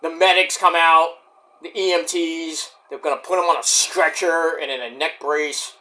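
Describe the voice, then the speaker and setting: A man talking loosely to camera as he reviews the shows, narrating the action and trailing off into asides and curses. His voice has a bright, forward edge, and his delivery is unscripted and chatty. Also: on the high side, fairly even intonation, normal speed. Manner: rambling, profane, talks to himself about the action. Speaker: show reviewer. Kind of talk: casual running commentary while watching.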